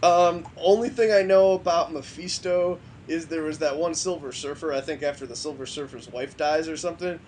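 A man co-hosting a casual chat about comics, recounting a story loosely with many "like"s and pauses. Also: on the high side, darkish tone, a little hiss or hum.

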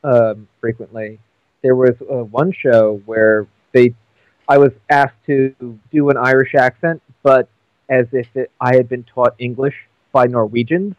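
Animated man on a dull dry mic. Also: mid-range voice, dry recording. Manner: animated, lively storyteller with halting restarts. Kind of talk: casual chat.

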